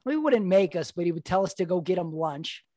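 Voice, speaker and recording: High-pitched el paso dude, laid back, dry close mic. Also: male voice, animated, brisk, warm tone, no echo. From El Paso, Texas. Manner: laid-back, laughs along, filler "like". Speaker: podcast co-host. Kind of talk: casual chat.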